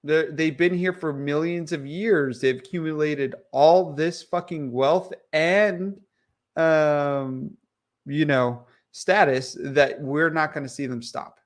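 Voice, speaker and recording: A man's voice: on the high side, steady tone. A man co-hosting a casual podcast, joking, swearing and laughing easily. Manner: joking, profane, quick to laugh. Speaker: podcast co-host.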